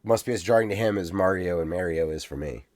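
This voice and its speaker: A man's voice: low-pitched, fast talker, a little mellow, no room sound, studio quality. A man with an Ohio accent co-hosting a podcast, chatting casually and reading out listener comments. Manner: chatty, reads listener comments aloud, laughs easily. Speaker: podcast co-host.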